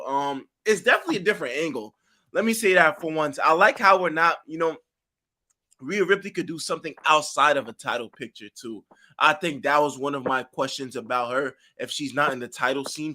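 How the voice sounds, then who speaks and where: Man, podcast co-host, casual chat, excited, slangy, swears freely, bright tone. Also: fairly high pitch.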